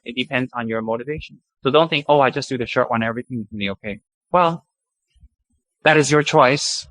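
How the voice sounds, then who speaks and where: A man teaching a Buddhist practice, chanting long mantras slowly and then explaining them in a lively, joking way. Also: mid-range voice, dry recording, rough recording.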